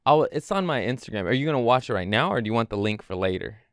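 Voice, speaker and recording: A man, a comedian guest, telling stories casually and animatedly, swearing and acting out quotes in high voices. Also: lively intonation, fast talker, no echo, studio quality. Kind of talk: casual storytelling.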